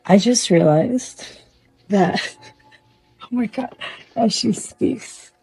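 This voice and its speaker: A woman's voice: medium pitch, drawn-out words, gravelly, dark tone, slightly rough. A woman vlogging casually, rambling with many fillers and laughing often as she drives around in her car. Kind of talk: casual vlog chat. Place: car, driving.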